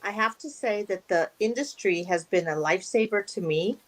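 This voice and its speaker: A woman's voice: medium pitch, normal speed, poor audio. A young woman guest in a casual interview, animatedly telling stories and acting out quoted dialogue. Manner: animated, acts out quoted dialogue, laughs often. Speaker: guest actress.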